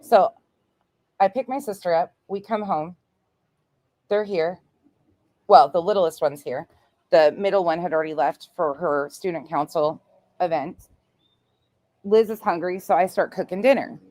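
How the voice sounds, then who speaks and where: A woman's voice: fairly low pitch, unhurried, long pauses. A woman in her forties, a true crime streamer, telling stories in casual, blunt and profane livestream chat. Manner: blunt and profane, animated storytelling.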